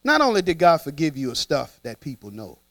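A man preaching a sermon, animated and playful, trading lines with his congregation in a church. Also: a little high, a little fast, heavy background noise. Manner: animated, playful, talks back and forth with the congregation.

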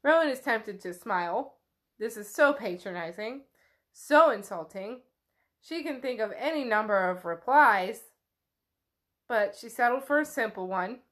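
A woman with a fairly high voice recaps a novel's chapter for her podcast in a relaxed, chatty way. She paraphrases the characters loosely, drops in the odd swear word and laughs easily. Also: unhurried. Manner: retells scenes loosely with "she's like", swears, laughs often. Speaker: book podcast co-host. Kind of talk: casual book recap chat.

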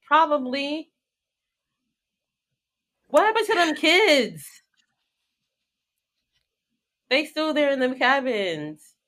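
A woman's voice: high voice, animated, very slow, pauses often, fairly bright tone. A woman co-hosting a casual chat, chiming in with blunt, sarcastic jokes. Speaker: podcast co-host.

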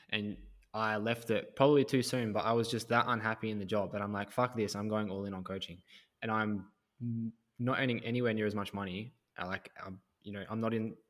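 A man's voice: on the low side, fairly bright tone. A man hosting a podcast, reflective and rambling, swearing casually as he talks. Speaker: podcast host, coach.

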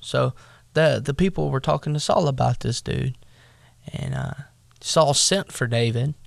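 A man teaching a casual bible lesson, retelling scripture in a halting way with many fillers and restarts. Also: mid-range voice, vocal fry, dry recording, clean studio sound.

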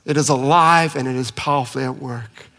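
A man preaching a sermon with impassioned delivery, climbing to emphatic peaks and dropping to soft, quiet passages. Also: medium pitch, a little fast, creaky. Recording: long hall reverb.

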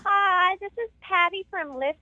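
A woman's voice: extremely high pitch, a little slow, highs cut off. A woman playing a polite, patient female corporate phone representative in a comedy call sketch, hesitant and full of ums and uhs. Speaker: caller.

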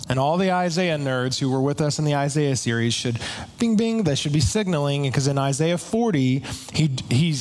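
A man preaching a conversational sermon, retelling scripture in everyday slang with quick asides. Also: mid-range voice.

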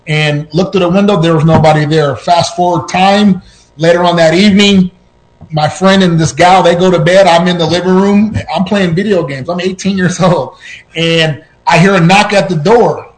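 Animated high-voiced man telling stories. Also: normal speed, low-quality recording. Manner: animated, voice jumps high at tense moments, frequent restarts. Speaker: podcast guest. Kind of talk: personal storytelling.

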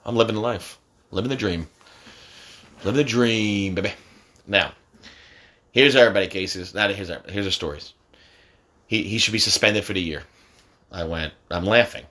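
A man in his forties chatting about sports with his son, profane and quick to yell. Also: on the low side. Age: 40s. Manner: loud, profane, jumps to sudden yelling.

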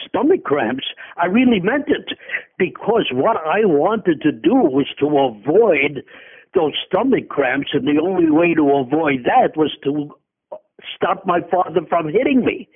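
A man's voice: on the high side, breathy edge. An older man, a guest in a conversation, telling a long personal story with tangents and self-corrections. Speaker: interview guest. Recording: phone-like, lo-fi line.

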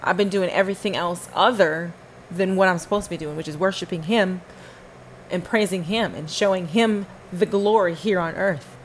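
In a lowish voice at normal speed, a woman hosting a podcast delivers passionate spoken testimony, driving points home through repetition and addressing both listeners and God by turns. The audio is low quality, with a little hiss or hum.

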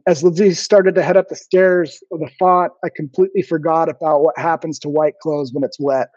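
A man with a slightly raised voice tells stories as a podcast guest, pausing often on ums and restarting his sentences. The recording sounds dull and lo-fi, with a dry, close sound and no room echo. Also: on the high side, darkish tone. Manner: halting, frequent ums and restarts. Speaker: podcast guest, former missionary. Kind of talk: casual interview storytelling.

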